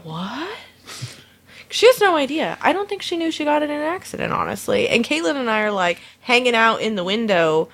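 Animated woman telling a funny story. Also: fairly high pitch, quick pace, creaky, few pauses. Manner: animated, acts out quoted voices, laughs often. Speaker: storyteller recounting a work incident. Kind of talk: casual anecdote.

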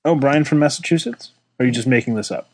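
A man of middle pitch co-hosts a casual podcast in an easygoing, teasing way, often trailing off and restarting. His voice sits close and dry on the mic, with no room sound around it. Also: quick pace, husky, dry recording, low-quality recording. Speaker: podcast co-host. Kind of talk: casual chat.

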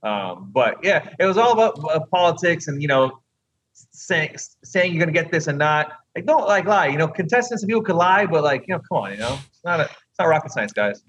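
A man's voice: fairly high pitch, very animated, brisk, fairly bright tone, dull audio, a little hiss or hum. A man, a recently eliminated reality competition contestant, tells his side of the story emphatically in an interview, often asking "right?".

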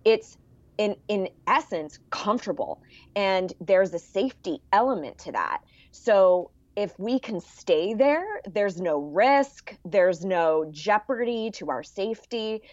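A woman's voice: medium pitch, expressive, slow pace, no room sound. A woman guest in a casual interview, explaining things earnestly and sometimes acting out an inner voice. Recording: dull lo-fi sound.

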